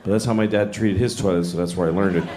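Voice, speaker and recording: A middle-aged male stand-up comedian telling stories in a deadpan, self-deprecating way and acting out voices. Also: low voice, fast. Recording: echoey live club recording with noise.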